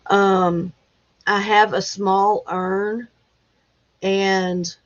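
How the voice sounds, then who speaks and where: Slow, halting woman near tears. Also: mid-range voice, little pitch movement. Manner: emotional, halting, fighting back tears. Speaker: livestream host. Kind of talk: casual livestream chat. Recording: dull lo-fi livestream audio.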